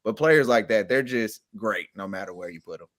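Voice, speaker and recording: A man on a sports talk panel, making his case calmly and in a measured way. His voice sits somewhat low.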